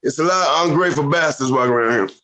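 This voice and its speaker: A man co-hosting a casual podcast chat, telling stories in an animated, lecturing way. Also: a little high, rapid-fire, rough recording. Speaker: podcast co-host.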